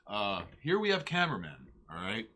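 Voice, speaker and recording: A man's voice: fairly low pitch, huge pitch swings, moderate pace, sharp tone. A man co-hosting a casual arts and crafts livestream, joking and rambling crudely while he paints and talks to chat. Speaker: livestream co-host.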